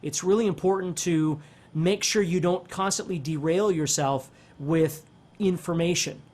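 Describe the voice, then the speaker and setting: A middle-aged man explains guitar ideas in an easygoing, conversational teaching manner. His voice sits fairly high for a man, and he often restarts his sentences as he works through a thought. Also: unhurried. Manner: animated, talks with his hands, thinks aloud with restarts. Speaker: guitar instructor.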